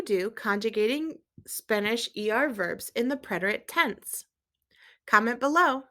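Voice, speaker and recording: A woman teaching a Spanish lesson, quizzing viewers and gently checking their accent marks as she switches between English and Spanish. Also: on the high side, animated, unhurried. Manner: asks quiz questions and gently checks accents. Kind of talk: recorded language lesson.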